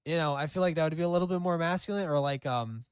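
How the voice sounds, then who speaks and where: A man's voice: a little high, fast talker, clean tone, no room sound, clean studio sound. A man giving casual gameplay commentary, crude and mocking, laughing often. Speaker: gaming commentator.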